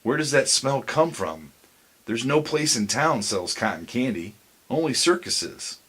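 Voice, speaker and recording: A man's voice: medium pitch, sing-song, measured pace, fairly bright tone, breathy edge, voice pushed up, full character voice. A man voicing a tearful, wistful old barber in a storybook reading, musing aloud in emotional questions.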